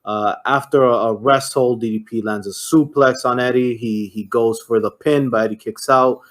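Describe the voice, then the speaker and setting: A man's voice: mid-range voice, fairly even intonation, normal speed. Casual young man recapping a wrestling match. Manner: rambling play-by-play with frequent fillers and cursing. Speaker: podcast co-host.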